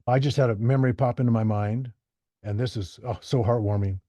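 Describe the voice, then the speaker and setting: A man, a podcast guest, telling stories in a casual, animated way and acting out the voices of the people he quotes. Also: medium pitch, fairly quick, no room sound. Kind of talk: casual storytelling.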